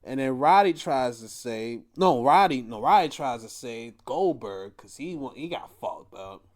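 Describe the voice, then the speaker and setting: Slow, animated young man ranting. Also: mid-range voice. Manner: animated, profane, exasperated rant. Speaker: podcast host. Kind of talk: casual ranting commentary.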